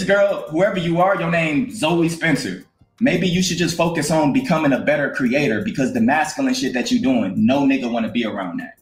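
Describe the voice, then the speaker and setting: A man's voice: mid-range voice, expressive, a little fast. A man giving blunt, slangy, scolding commentary on a stream. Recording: roomy echo with faint music.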